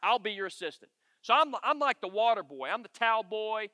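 A man preaches in a high, bright voice and tells stories in an animated, candid way, often pausing to ask "okay?". The room sounds dry, with a long hall reverb trailing behind him. He sounds a little worn out. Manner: animated, candid, self-deprecating storyteller with frequent "okay?" check-ins. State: tired. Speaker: pastor. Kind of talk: conversational sermon storytelling.

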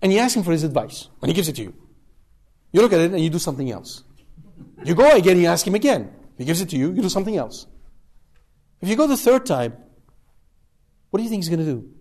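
A man's voice: high voice, big pitch swings, fast, long pauses, darkish tone. A man preaching a sermon to a live congregation in a conversational way, asking rhetorical questions and checking in with "okay?". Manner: conversational, asks rhetorical questions with tag 'okay?'.

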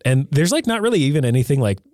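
A man's voice: mid-range voice, big pitch swings, very fast, darkish tone, dry recording. A young man co-hosting a casual podcast chat, rambling as he retells scenes. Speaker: podcast co-host.

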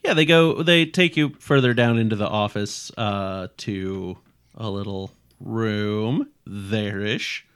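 A man narrating a tabletop role-playing game as game master, in a relaxed, rambling way with many fillers. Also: fairly low pitch, takes it slowly, clean tone.

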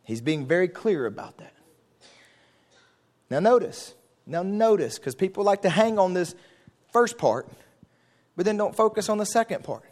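A man preaching a sermon in a church, fervent and building to shouted call-and-response. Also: high-pitched, very animated, moderate pace. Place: church sanctuary.

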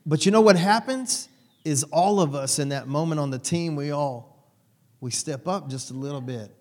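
A man's voice: fairly high pitch, moderate pace, a little mellow. A male pastor giving a sermon in a conversational, rambling way, with restarts and asides.

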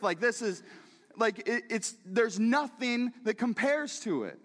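A man preaching a sermon in a church, talking in a lively, conversational way with frequent restarts and repeated words. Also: very high voice, a little slow, big-room sound. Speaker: pastor. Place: church sanctuary.

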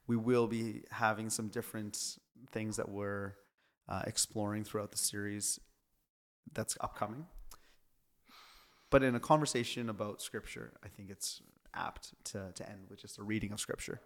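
Earnest low-voiced pastor. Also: male voice, fairly even intonation, moderate pace. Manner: earnest, preacherly phrasing. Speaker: pastor and podcast host. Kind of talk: reflective podcast conversation.

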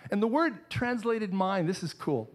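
A man's voice: sits high, animated, a little slow. A middle-aged man, a pastor, preaching a sermon in church with earnest, repeated phrases.

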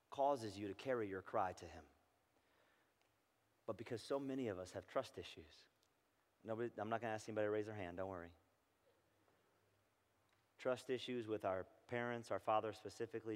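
Man preaching a sermon with a long echo. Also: lowish voice. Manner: swings from loud impassioned reading to soft near-whispered intimacy. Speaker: pastor. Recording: long hall reverb.

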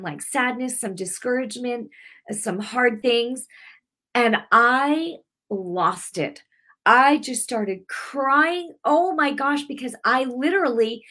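This middle-aged woman, a preacher with a weekly broadcast, delivers a heartfelt sermon laced with personal testimony. Her voice is slightly high and a bit bright, and she speaks emotionally and ramblingly, often restarting her sentences.

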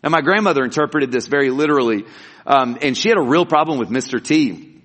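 A man's voice: medium pitch, animated, quick pace, a bit bright, long reverb tail. A man preaching a sermon as a pastor, earnest and emphatic, asking rhetorical questions and answering them.

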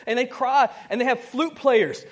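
With a very high voice at normal speed, this male pastor delivers a lively, conversational sermon. He performs bits of dialogue, shifts abruptly from quiet to loud, and frequently chuckles.

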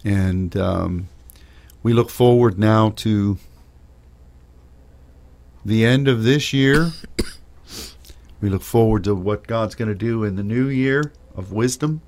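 Slow, deep-voiced man on ministry radio. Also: a little mellow, no echo. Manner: halting, with many fillers and restarts. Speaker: co-host of a prayer ministry radio show. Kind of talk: casual chat.

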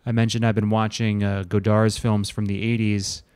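Crude, rambling man with a smooth voice. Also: on the low side, level tone, normal speed, a little mellow, no echo. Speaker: podcast co-host. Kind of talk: casual comedic chat.

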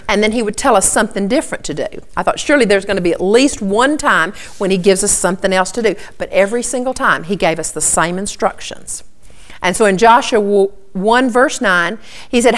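A woman's voice: medium pitch, brisk, a bit bright. A woman giving an earnest Bible teaching, repeating key points and often starting with "okay".

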